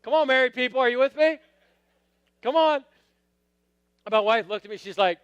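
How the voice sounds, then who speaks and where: A man's voice: extremely high pitch, moderate pace, a bit bright, clean tone, no room sound, lo-fi sound. A middle-aged man preaching a sermon, telling a story with acted quotes and calling out to the congregation. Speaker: pastor.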